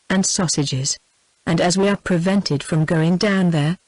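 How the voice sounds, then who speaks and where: A synthetic British female voice reading the lines of a fretful middle-aged male innkeeper, in the same even voice as the narration. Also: fairly low pitch, no echo, lightly acted, poor audio. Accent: British English.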